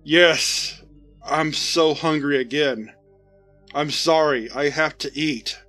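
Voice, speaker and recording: Casting: man doing a starving monster-man, slow and begging, fairly high voice, faint music under it. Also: pushed and bright. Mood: pleading. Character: starving, pleading monster-man soldier, apologetic.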